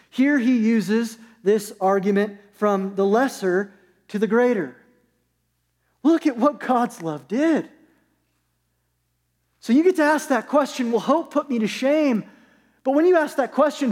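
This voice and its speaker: Male pastor, high voice, earnest conversational sermon delivery; church sanctuary with long reverb. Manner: earnest, conversational preaching with rhetorical questions. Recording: long reverb of a large hall.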